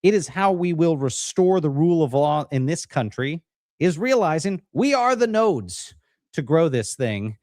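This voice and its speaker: A man hosting a live political stream, talking in an energetic, jokey way as he hypes up the guests. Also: fairly high pitch, a little slow, dry recording, clean studio sound. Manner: energetic, jokey, hype-building introductions. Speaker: livestream host. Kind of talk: upbeat live-stream show opening.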